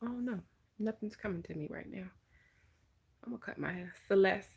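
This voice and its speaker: A woman with a Southern American accent from Georgia, hosting a casual live-stream chat in an animated, expressive voice. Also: mid-range voice, a little fast, creaky, slightly rough. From Georgia, USA. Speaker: vlogger, host.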